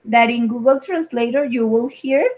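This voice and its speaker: A woman's voice: fairly high pitch, moderate pace, darkish tone, a little hiss or hum, low-quality recording. A woman with an American accent teaching English in an online lesson, explaining patiently with examples.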